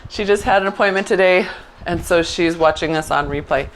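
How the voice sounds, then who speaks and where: A middle-aged woman teaching a Pilates mat class, giving quick encouraging cues and praising often. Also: lowish voice, a little hiss or hum. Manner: encouraging, upbeat cues with frequent "good". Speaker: Pilates instructor. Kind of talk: live online class instruction.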